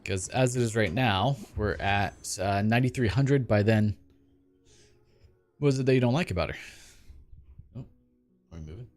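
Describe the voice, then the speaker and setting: A man chats loosely while streaming a video game, wandering from thought to thought and poking fun at himself. His voice sits a bit low, with faint game music behind. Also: moderate pace, long pauses, darkish tone. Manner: rambling, chatty, self-deprecating. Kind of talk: casual gaming stream chat.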